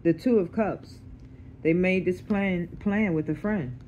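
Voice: medium pitch, measured pace, darkish tone, lo-fi sound, slight background noise. A tarot reader doing a casual reading to camera, blunt and streetwise, swearing freely and checking in with the listener. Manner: checks in with the listener, repeating "okay?".

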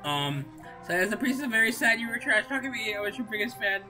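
A woman streamer chatting casually while gaming, excitable, laughing often and swinging between moping and yelling. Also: a little high, fast talker, over music.

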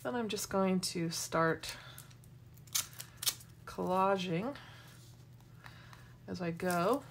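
A woman's voice: fairly low pitch, a little hiss or hum. A middle-aged woman hosting a casual craft tutorial, chatting and wandering into asides as she works. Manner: chatty, rambling asides while working. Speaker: craft demo host.

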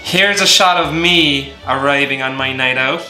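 A man's voice: medium pitch, moderate pace, pushed and bright. An Irish man from Ireland hosting his vlog, rambling and joking in a self-mocking way. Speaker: vlogger host. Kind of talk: casual comedic vlog monologue. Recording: echoey room, faint music.

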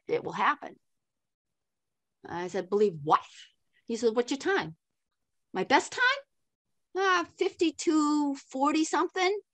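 Older woman guest, storyteller, higher pitch, dry close sound, laughs and acts out the voices. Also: no echo. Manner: animated storyteller, laughs often, acts out quoted dialogue. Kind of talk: storytelling interview.

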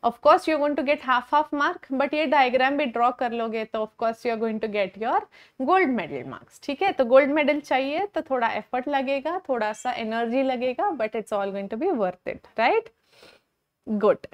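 A woman's voice: high-pitched, expressive, fast talker. A young woman with an Indian English accent giving an online exam-prep lecture, encouraging and repeating key points, mixing in Hindi. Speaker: medical lecturer.

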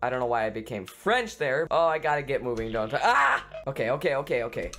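Excitable man screaming through a game. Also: medium pitch, fast talker, soft background music. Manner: excitable, silly sound effects, screams. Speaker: gaming YouTuber. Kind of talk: let's play commentary.

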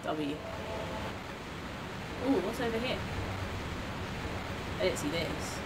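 A young woman giving live commentary on a game she is streaming, talking to herself and her viewers and gasping and shouting when something startles her. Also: low voice, takes it slowly, long pauses, very noisy. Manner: excitable, gasping and shouting at surprises.

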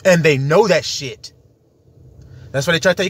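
Husky, emphatic male preacher. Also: on the high side, moderate pace, fairly bright tone. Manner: emphatic, rhetorical questions, rambling. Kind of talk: preaching monologue.

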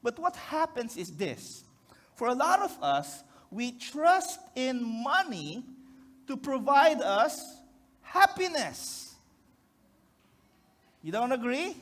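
High-voiced Filipino pastor preaching. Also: male voice, sing-song, takes it slowly, long pauses, a bit bright. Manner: joking, keeps asking the congregation for responses. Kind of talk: conversational sermon.

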